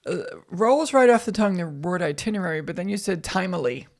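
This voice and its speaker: A woman's voice: on the low side, lively intonation, a little fast, darkish tone. A middle-aged woman co-hosting a podcast in casual banter. She fires off wisecracks, teases her co-host, and swears offhandedly. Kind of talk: casual chat.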